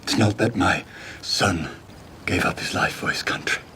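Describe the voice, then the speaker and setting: An actor playing a grieving, bitter warrior captain in a hushed, near-whispered film delivery. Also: male voice, low-pitched, moderate pace, a little hiss or hum. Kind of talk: film dialogue.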